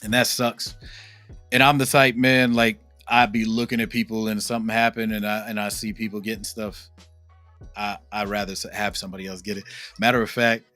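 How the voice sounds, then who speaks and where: A minister gives a casual devotional teaching in a conversational, slangy style, often asking "right?" and repeating points for emphasis as he tells stories. His male voice is mid-range, pushed and bright, in a dry recording.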